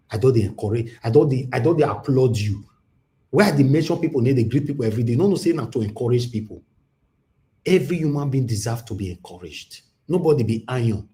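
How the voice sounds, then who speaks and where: Man, Nigerian accent, livestream host, mid-pitched voice, animated and emphatic. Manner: animated, mixes Pidgin, grows loud and high when worked up. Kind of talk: livestream talk.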